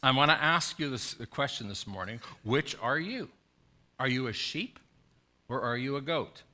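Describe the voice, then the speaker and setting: A man's voice: medium pitch, expressive, moderate pace, bright, forceful tone. A man preaching a sermon as pastor, urging and pleading with his congregation through emphatic repeated questions.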